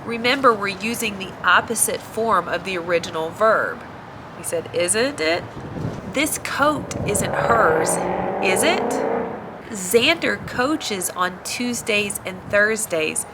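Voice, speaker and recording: A woman teaching an English grammar lesson in a clear, encouraging, scripted delivery. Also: medium pitch, animated, slow pace, noisy background.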